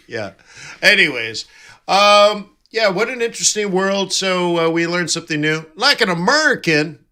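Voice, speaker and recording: This live trading stream host has a high-pitched, pushed and bright voice with big swings in pitch, and he takes his time. He casually banters with viewers, reads their comments and answers them with jokes.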